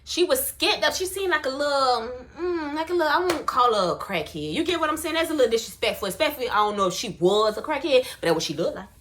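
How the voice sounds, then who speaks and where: A young woman, telling a personal story in a casual, slangy and expressive way. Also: sits high, fast, few pauses, a little hiss or hum. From Miami, US. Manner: animated, slangy, expressive retelling.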